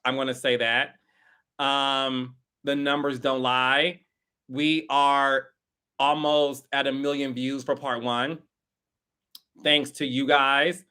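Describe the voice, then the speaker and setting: A man's voice: mid-range voice, little pitch movement, slow, sharp tone, smooth. A man hosting a casual livestream, chatting and greeting viewers by name. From Texas. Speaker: host.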